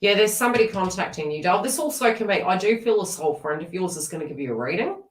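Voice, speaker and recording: A woman's voice: lowish voice, quick pace, recorded from a distance, a little hiss or hum. Chatty woman giving a tarot reading. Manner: chatty, animated, laughs often and talks to viewers in chat. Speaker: tarot reader. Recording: echoey room, away from the mic.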